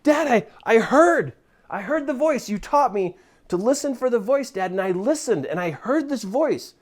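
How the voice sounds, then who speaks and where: A man's voice: very high-pitched, animated, normal speed, voice pushed up. A man voicing his young son, who eagerly runs to tell his dad something. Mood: excited. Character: excited little boy telling his dad something.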